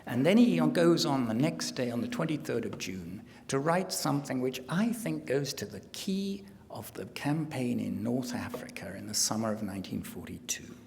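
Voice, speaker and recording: A man's voice: medium pitch, animated, normal speed, gravelly, few pauses, a little mellow. A man giving a history lecture at a conference, hesitant, with many filler sounds and restarts. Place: conference hall. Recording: hall reverb, faint room noise.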